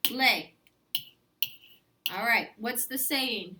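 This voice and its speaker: A woman's voice: on the high side, very slow. Woman teacher quizzing a class. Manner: quizzing students, repeating answers back. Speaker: Spanish teacher. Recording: echoey classroom with faint noise.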